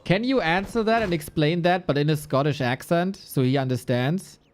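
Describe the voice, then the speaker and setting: A man's voice: a little high, moderate pace. A man casting a live esports match, playful and chatty, talking to his chat and calling out at the screen. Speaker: esports caster. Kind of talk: live game commentary.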